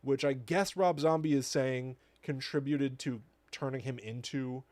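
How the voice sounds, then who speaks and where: A man's voice: medium pitch, a little slow, a little mellow, no room sound. A man in his thirties co-hosting a podcast, talking casually and ranting animatedly, with bursts of mocking impressions. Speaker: podcast co-host. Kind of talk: casual chat.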